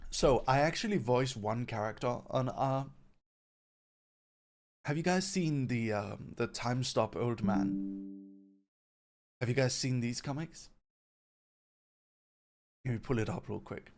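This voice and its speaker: A man running a casual livestream Q&A as a company CEO, relaxed and rambling as he reads viewer questions aloud and answers them. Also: medium pitch, takes it slowly, long pauses, faint music behind.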